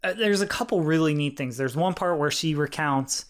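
A man co-hosting a casual podcast, retelling a documentary with animated quotes and frequent laughter. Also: a little high, moderate pace. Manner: animated storyteller, acts out quotes, laughs often. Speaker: podcast co-host. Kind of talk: casual chat reviewing a documentary.

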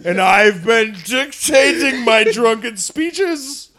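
A man putting on a slurred British accent as a drunk, blustering old wartime statesman, bellowing his lines slowly. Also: very high-pitched, lively intonation, bright, forceful tone, voice pushed up, full character voice. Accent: British English, put on.

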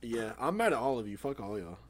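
A man's voice: mid-range voice, very animated, fast, crowd noise. A man of twenty-seven co-hosting a podcast, talking casually with a friend and laughing often. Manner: laid-back, laughs often, mock-grumpy. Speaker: podcast co-host. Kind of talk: casual chat between friends.

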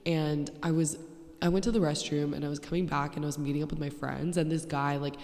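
A woman's voice: low-pitched, steady tone, fast, a little mellow. A woman in her twenties hosting her podcast, telling stories in a blunt, sarcastic, profane way. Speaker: podcast host. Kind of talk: casual storytelling monologue. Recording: echoey, poorly placed handheld mic.

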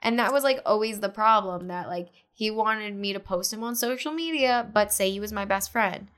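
A woman's voice: mid-range voice, normal speed, clear, resonant tone. Chatty young woman retelling a story. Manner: animated retelling with many "like" fillers, acting out quotes. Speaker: podcast guest. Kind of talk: casual podcast storytelling.

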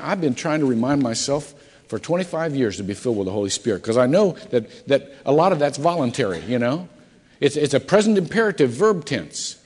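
A middle-aged male pastor preaching a sermon in a conversational, storytelling way, his voice swinging between soft and loud. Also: mid-range voice. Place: church sanctuary. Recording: echoey church hall.

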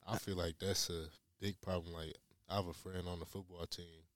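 A young man, talking in a laid-back, halting way full of fillers in a casual podcast chat. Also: low-pitched, level tone, a bit bright, no room sound, studio quality. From Memphis, USA.

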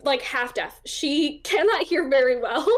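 High-voiced chatty woman telling stories. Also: expressive, measured pace. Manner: chatty, acts out voices in her stories, frequent fillers. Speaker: interview guest, psychic medium. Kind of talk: casual interview storytelling.

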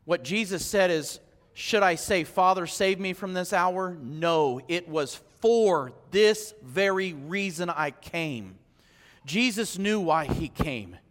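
A male pastor delivers a sermon in a church sanctuary. His voice sits very high and sounds bright and forceful. It swings from quiet reflection to fervent appeals, and a long hall reverb trails each phrase. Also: animated, slow pace. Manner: swings from hushed to fervent preaching.

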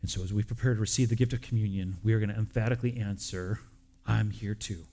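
A man's voice: lowish voice, steady tone, rapid-fire, warm tone. A man preaching as pastor, speaking earnestly and directly, often repeating phrases, then leading a communion prayer. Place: church sanctuary with congregation.

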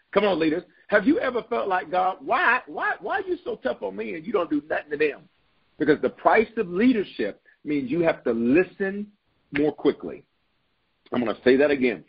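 A man's voice: on the high side, slightly rough, muffled recording. A man preaching a sermon as bishop, reading scripture aloud and repeating phrases for emphasis with call-and-response.

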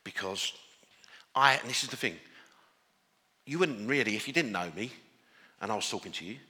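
A man's voice: fairly low pitch, expressive, normal speed, bright, forceful tone, in a large hall. Earnest English-accented man preaching. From Northern Ireland. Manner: earnest, with many restarts, builds to emphatic declarations. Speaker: pastor. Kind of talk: sermon.

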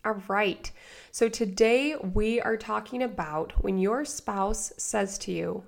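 A woman with a hoarse voice from a cold, hosting a podcast as a life coach and chatting straight to her listeners. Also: mid-range voice, slow. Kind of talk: casual solo podcast talk.

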